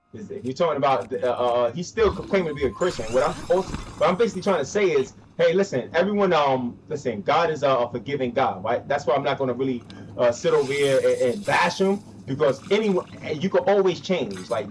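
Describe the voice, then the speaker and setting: A man's voice: a little high, slight background noise. A man live-streaming, talking bluntly in a casual rant while playing a game, repeating himself, swearing and saying "bro" a lot. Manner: blunt, repetitive, says "bro" often, swears.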